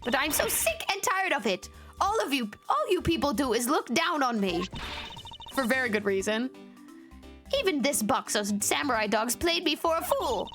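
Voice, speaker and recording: A shrill, clingy older lady who dotes and nags in a sing-song gush, as a woman streamer reads her lines. The voice sits fairly high, with game music playing underneath. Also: very animated, moderate pace. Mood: aggrieved. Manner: gushing, sing-song, overbearing. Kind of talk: reading game dialogue aloud on a stream.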